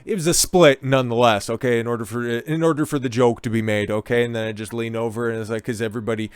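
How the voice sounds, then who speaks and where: Brief: male commentator, mid-pitched, smooth resonant voice, dry close sound, crude rambling rant. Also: fairly even intonation, fast, dry recording. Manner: crude, profane, rambling, keeps tagging "okay?". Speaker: online commentator. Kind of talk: ranting commentary and storytelling.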